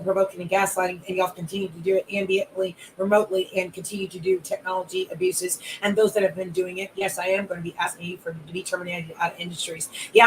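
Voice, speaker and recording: A wellness coach holds a live audio room in a tightly controlled rage. The voice sits in a middle register and piles complaint on complaint in long repetitive runs, staying measured rather than shouting. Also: medium pitch, slight background noise, rough recording. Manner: controlled anger, long repetitive lists of grievances. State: calmly enraged.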